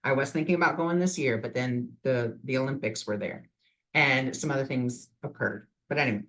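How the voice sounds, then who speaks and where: A man's voice: medium pitch, normal speed, a bit bright, rough recording. A man vlogging casually and encouragingly about imagination, rambling with many fillers. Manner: rambling, full of "you know" fillers; earnest and encouraging. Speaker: vlogger and spiritual reader. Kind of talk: casual motivational talk.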